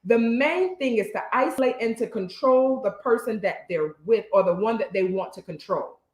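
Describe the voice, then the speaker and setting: A woman therapist talking earnestly and emphatically straight to her listeners, stumbling now and then as she picks her words with care. Her voice sits a little high for a woman. The sound bounces around a reverberant room. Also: animated, normal speed, a little mellow. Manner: stutters a little, choosing words carefully. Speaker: therapist and social worker, co-host. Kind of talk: casual couple's talk show.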